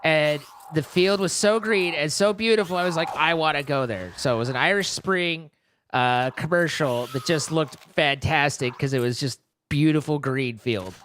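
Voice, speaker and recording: A man's voice: fairly high pitch, normal speed, a bit bright, a little hiss or hum. A man streaming, chatting casually in a rambling, self-correcting way and laughing easily. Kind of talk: casual live-stream chat.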